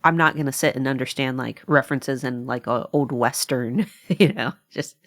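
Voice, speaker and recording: A woman hosting a podcast, talking casually in an animated, rambling way with frequent laughs. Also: extremely low pitch, moderate pace. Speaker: podcast host. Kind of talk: casual chat.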